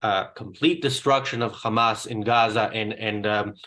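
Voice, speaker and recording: A man hosting a political talk show, speaking in a measured and hesitant way with frequent fillers. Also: on the low side, steady tone, bright, forceful tone. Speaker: host. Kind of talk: political discussion.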